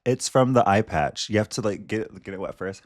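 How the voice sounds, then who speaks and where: A man with a deep, chesty voice, co-hosting a podcast in casual chat and swinging between boomy and quiet. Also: brisk, no echo, studio quality. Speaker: podcast co-host.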